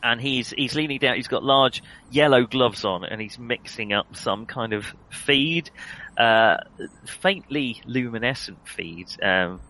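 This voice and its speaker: A man's voice: medium pitch, measured pace, bright, forceful tone, poor audio. A man narrating a tabletop game as game master, hesitant, with many fillers and self-corrections.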